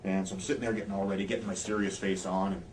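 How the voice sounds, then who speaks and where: Low-voiced man telling wry wrestling stories. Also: little pitch movement, very fast. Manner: wry anecdotal storyteller, acts out quotes. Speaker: interviewed former pro wrestler. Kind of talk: shoot interview storytelling. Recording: distant mic, faint ambient hiss.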